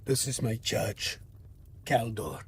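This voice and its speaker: A man speaking in character at a tabletop game, gruff and clipped. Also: medium pitch, animated, slow pace. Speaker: player.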